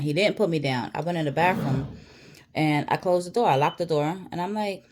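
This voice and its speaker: A woman's voice: sits low, fairly quick, a little mellow. A woman telling a personal story straight to camera, in a blunt, emphatic and heavily profane way. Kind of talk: storytime monologue.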